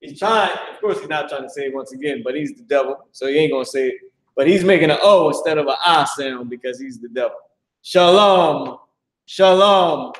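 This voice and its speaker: A man's voice: medium pitch, fast. A man leading a live religious lesson, emphatic and mocking, repeating words over and over to drill their pronunciation. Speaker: religious teacher. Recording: echoey room.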